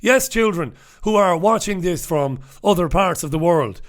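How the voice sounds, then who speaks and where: Brash, sarcastic host. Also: male voice, sits high, animated, moderate pace. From Ireland. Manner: brash, sarcastic, swears freely. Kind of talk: live newspaper review with chat shout-outs.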